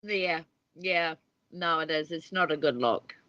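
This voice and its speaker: A woman from New Zealand co-hosting a podcast in casual chat, quick to laugh and agreeable. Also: sits low, a bit bright, no room sound, highs cut off. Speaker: podcast co-host.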